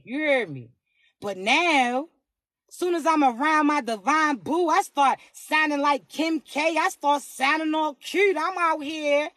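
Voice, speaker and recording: A woman with a raspy voice giving a casual spiritual reading to camera, slangy and emphatic, often asking "you heard me". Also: sits high, animated, normal speed, a bit bright, no room sound, studio quality. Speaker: spiritual card reader.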